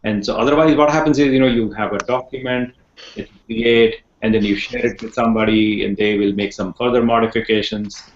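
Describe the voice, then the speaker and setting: A man's voice: on the low side, fairly even intonation, fairly quick, slight background noise. A man teaching an online class on a video call, rambling a little, repeating words and asking his students questions. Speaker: instructor. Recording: echoey, muffled video call audio.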